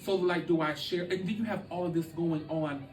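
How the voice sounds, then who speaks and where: A man telling a deeply personal story as a podcast guest, speaking earnestly with halting restarts. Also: fairly even intonation, a little mellow, echoey room, far from the mic, soft background music, poor audio.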